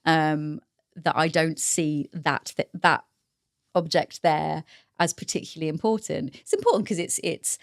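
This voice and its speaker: A woman co-hosting a podcast, talking casually and haltingly, often restarting her sentences. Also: deep voice, lively intonation, vocal fry, dry recording, studio quality. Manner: hesitant, many restarts and fillers. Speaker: podcast co-host.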